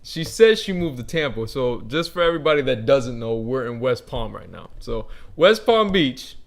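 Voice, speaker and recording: A man's voice: medium pitch, sing-song, moderate pace, gravelly. A young man hosting a casual podcast, prodding his guest with teasing questions. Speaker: podcast host. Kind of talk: casual chat.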